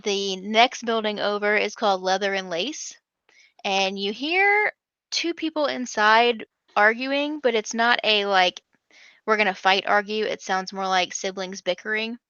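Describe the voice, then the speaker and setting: A woman's voice: medium pitch, a little slow, bright, forceful tone, smooth, no echo, dull audio. A woman narrating a tabletop game as game master, chatty, with many ums.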